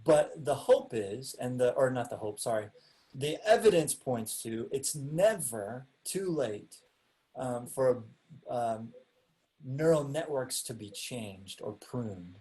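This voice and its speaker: A young man teaching an online class from his home setup. He talks loosely and hesitantly, restarting sentences and leaning on filler words, at an ordinary pitch. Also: animated, slow pace, mellow. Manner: hesitant, many ums and restarts. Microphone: video call.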